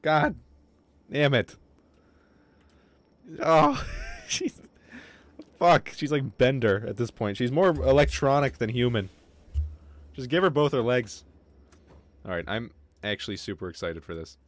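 A young man commentating his game on a livestream, excitable and swearing, with quick outbursts of frustration. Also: mid-range voice. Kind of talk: casual gaming livestream commentary.

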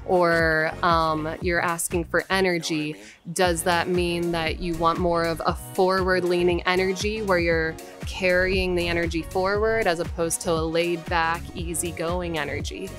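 Low-voiced woman voice actor giving advice. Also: level tone, fairly bright tone. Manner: explains carefully, deliberate and measured. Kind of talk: casual advice talk. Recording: faint background music.

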